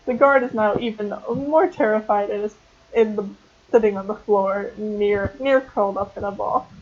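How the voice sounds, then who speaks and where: A woman's voice: mid-range voice, normal speed, a little mellow, dull audio. A young woman narrating as game master for a tabletop game, hesitant and full of ums and restarts.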